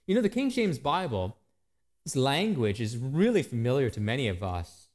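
Animated man preaching a sermon. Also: moderate pace. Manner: animated preaching, rising and falling in pitch and volume. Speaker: pastor.

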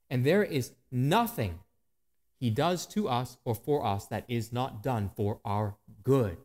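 Animated man preaching a sermon. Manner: animated preaching, rising and falling in pitch and volume. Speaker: pastor.

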